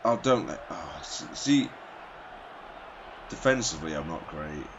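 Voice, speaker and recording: A man's voice: rumbling low, expressive, unhurried, background noise. A man giving casual, wry, self-mocking commentary over his football video game, rambling into asides. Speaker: gaming commentator. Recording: slightly dull lo-fi recording.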